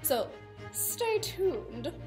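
A woman's voice: mid-range voice, a little slow, over music, natural voice. A woman putting on a playful storybook queen with a put-on regal accent and theatrical greetings. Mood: grand, playful.

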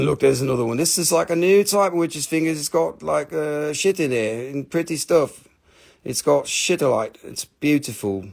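A man's voice: mid-range voice, normal speed, gravelly. A man hosting a live stream that sells crystals and minerals, with rambling, joking, playfully crude sales patter. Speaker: host selling crystals and minerals.

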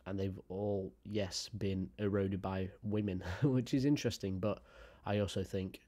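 A man's voice: deep voice, steady tone, unhurried, warm tone. A young man talking casually about video games, rambling with lots of fillers and frequent swearing. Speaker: gaming YouTuber. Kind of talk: casual chat to camera.

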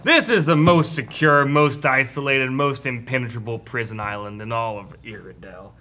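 A man voicing a gruff male elf prison warden with a Southern drawl. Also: mid-range voice, moderate pace, sharp tone, natural voice. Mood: menacing. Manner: boastful, menacing.

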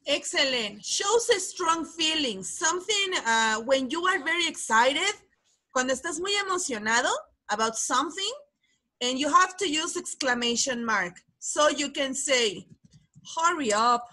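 Woman, English teacher, high voice, patient, video call. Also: lively intonation, bright, forceful tone. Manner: patient, explains slowly, repeats key words. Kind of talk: online class lesson.

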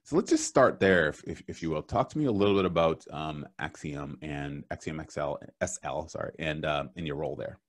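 Deep-voiced Boston man hosting a podcast. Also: a little fast, few pauses. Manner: chatty, with restarts and fillers. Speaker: podcast host. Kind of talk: casual interview.

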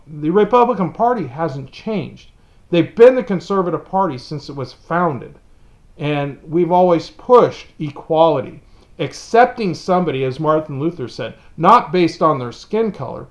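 A middle-aged man from the United States talks straight to the camera in an earnest opinion monologue. His voice sits at an ordinary pitch, and he often repeats words as he builds a point. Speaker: vlogger.

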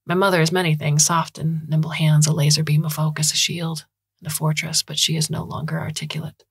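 Woman narrator for a fiction podcast; low, husky, measured read. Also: dry recording, clean studio sound. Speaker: audiobook narrator. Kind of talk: scripted story narration.

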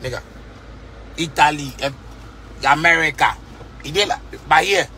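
This is a casual to-camera rant by a Ghanaian musician vlogger, recorded in his car. His Ghanaian Pidgin English comes out as fiery, repetitive street talk in a higher-than-average voice, sharp in tone and measured in pace, against slight background noise.

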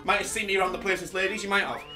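A young man giving loud, excitable, swear-filled gameplay commentary, shouting often. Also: high voice, racing, recorded from a distance, music in the background. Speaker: gaming YouTuber.

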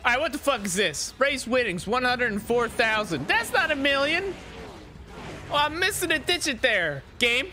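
A man streaming a racing game, commenting excitedly, swearing and yelling at rival drivers. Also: very high voice, moderate pace, over music. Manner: excitable, profane, yells at rivals. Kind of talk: gameplay commentary.

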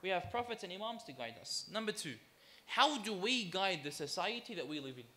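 A man giving a sermon as a sheikh. He talks emphatically, repeats phrases for weight, slows to stress key words and calls the audience brothers and sisters. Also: high voice, big pitch swings, sharp tone. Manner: emphatic, with deliberate repetition. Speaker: sheikh giving a religious talk.

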